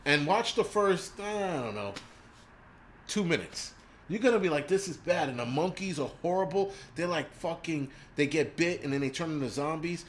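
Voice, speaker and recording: A man's voice: fairly high pitch, expressive, normal speed, a little hiss or hum. A man hosting a live stream, ranting casually and profanely with lots of fillers.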